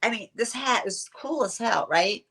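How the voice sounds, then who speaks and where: A woman in her sixties, a guest on an interview show, telling chatty, animated stories full of fillers. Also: a little high, normal speed, husky. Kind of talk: casual storytelling interview.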